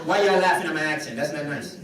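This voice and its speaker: High-voiced man speaking in an echoey hall. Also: quick pace, a faint crowd. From Caribbean. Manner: animated, joking with the audience. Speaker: conference speaker. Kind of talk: motivational business talk. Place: conference hall. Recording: echoey hall, distant mic.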